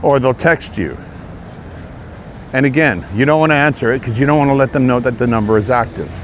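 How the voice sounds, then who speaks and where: A man's voice: medium pitch, a little fast, slight background noise. A man from Canada talking casually while out on a walk, earnest and indignant, with a preachy edge. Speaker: vlogger. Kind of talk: casual walking monologue. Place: outdoors on a walk near traffic.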